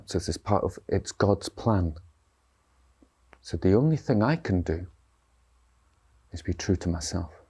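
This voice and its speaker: This man, a meditation teacher giving a dharma talk, has a deep, darkish, slightly rough voice. He speaks loosely and conversationally, often checking in with listeners through tag questions.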